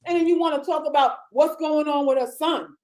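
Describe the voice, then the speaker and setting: A woman's voice: high-pitched, brisk, a little mellow, rough recording. A woman delivering an impassioned, profane rant full of rhetorical questions. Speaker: commentator in a played clip.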